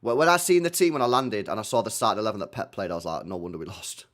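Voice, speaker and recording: A man's voice: on the low side, sing-song, rapid-fire, fairly bright tone. Blunt man reacting to football. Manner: blunt, slangy, swears freely, reacts to play. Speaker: football watchalong streamer. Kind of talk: live match reaction stream.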